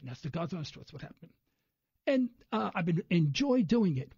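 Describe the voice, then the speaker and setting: Animated, gravelly New storyteller. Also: male voice, high-pitched, fairly quick, no echo. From New York. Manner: animated storyteller, acts out quoted people. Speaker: radio show guest. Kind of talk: rambling anecdotal radio interview. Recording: dull lo-fi radio audio, dry.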